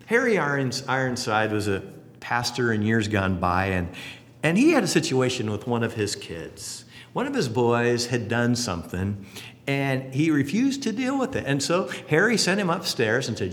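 A man's voice: medium pitch, normal speed. A man preaching a sermon as pastor, telling stories and acting out the voices in them. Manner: animated storytelling, acting out voices in quotes. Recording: long hall reverb.

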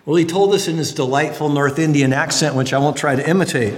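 In an echoey hall, a middle-aged man preaches a sermon built on stories, speaking quickly in a slightly high voice with hardly any pauses. He's an animated storyteller who keeps tossing in jokey asides.

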